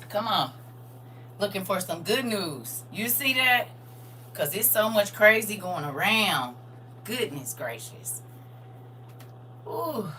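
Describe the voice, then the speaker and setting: A middle-aged woman chatting excitedly and casually to her viewers on a live stream. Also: lowish voice, slow, long pauses, slight background noise, poor audio. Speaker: livestream host.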